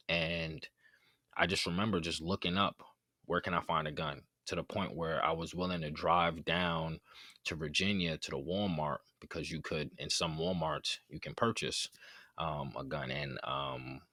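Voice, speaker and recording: A man's voice: sits low, dry recording. A man, a former football player, telling a personal story as a podcast guest in an earnest, conversational way. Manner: earnest, conversational, drops to quiet reflection.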